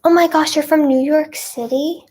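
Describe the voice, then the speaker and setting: A young woman singer chatting casually on a livestream, bubbly and gushing, sometimes dropping to a soft whisper. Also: sits high, fairly even intonation, moderate pace. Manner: bubbly and gushing, with frequent "oh my gosh" and "like". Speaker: singer reading livestream chat.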